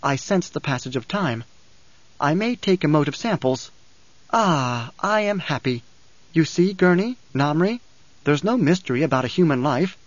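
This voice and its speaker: A man's voice: fairly high pitch, expressive, moderate pace, dry recording, highs cut off. Leto, a man voicing a serene riddling young man. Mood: calm.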